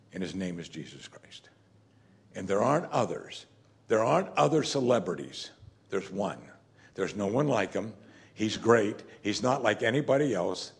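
A man's voice: fairly low pitch, vocal fry. A man delivering a sermon to his congregation in an easy, conversational manner. He keeps firing rhetorical questions at his listeners and slips into character when he quotes scripture. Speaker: pastor.

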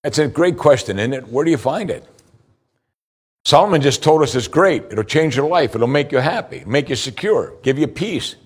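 A man preaching a sermon as pastor, reading scripture slowly and rising in pitch as he presses his points. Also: husky. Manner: preaching, slow scripture reading with lively rises.

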